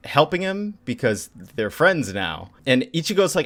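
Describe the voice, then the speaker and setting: Casual male podcast co-host, middle pitch, lively, acts out lines while recapping. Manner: animated, acts out characters' lines in quick bursts. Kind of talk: casual chat recapping a manga.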